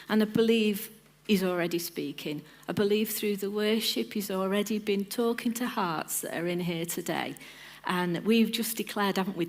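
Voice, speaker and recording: A woman on her church's lead team, giving an informal sermon, playful and chatty as she calls on the congregation by name. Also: medium pitch. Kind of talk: informal sermon with audience interaction.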